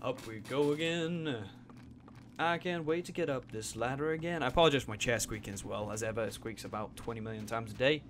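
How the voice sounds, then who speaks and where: A man giving casual let's play commentary, joking as he reads game lines aloud. His voice sits at an ordinary middle pitch. Faint background noise stays under the talk. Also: fairly even intonation, quick pace, hardly any pauses. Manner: joking and chatty, reading game dialogue aloud.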